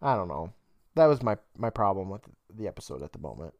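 A low-voiced American man with vocal fry, big pitch swings, and a quick pace co-hosts a podcast; his tone is a little mellow. Recapping a TV episode in casual chat, he laughs often and voices the characters' lines. It's clean studio sound without room noise.

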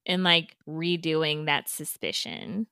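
A woman's voice: sits low, very animated, slow pace, creaky, bright, forceful tone, no echo, studio quality. A woman co-hosting a podcast in casual chat, teasing and bickering with her co-hosts. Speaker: podcast co-host.

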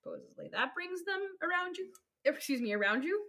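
Bright-voiced giggly young woman podcaster. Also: high-pitched, sing-song, a little fast, gravelly. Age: young adult. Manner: giggly, rambling, full of fillers. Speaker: podcast co-host. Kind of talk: casual chat.

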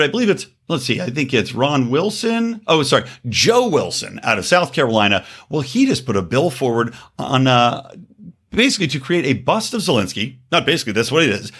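A man's voice: fairly high pitch, a bit bright, husky. A male podcast host with a scratchy throat, ranting in angry, profane, sarcastic political commentary.

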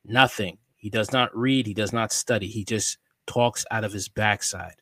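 A man's voice: fairly low pitch, steady tone, moderate pace, sharp tone, no echo, studio quality. A man giving blunt, dismissive commentary about someone in a clip.

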